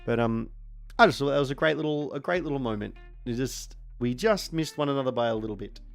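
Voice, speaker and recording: A man in his forties with an Australian accent, chatting casually on a stream in a rambling way, sometimes bursting into excited shouting. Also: mid-range voice, fast, creaky, faint music behind. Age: 40s.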